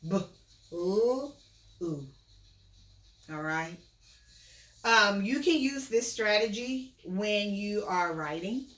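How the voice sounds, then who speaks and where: A woman's voice: mid-range voice, lively intonation, fairly bright tone, roomy sound. A woman teacher giving a remote phonics lesson to young children, patiently sounding out words and their individual sounds. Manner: patient, encouraging, sounds out phonemes slowly.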